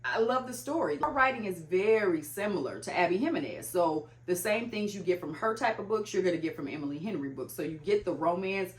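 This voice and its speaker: A woman's voice: on the low side, expressive, a little fast, hardly any pauses. A young woman chatting casually about books as a vlogger, talking loosely with lots of "like" fillers. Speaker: book vlogger. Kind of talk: casual chat. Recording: echoey room.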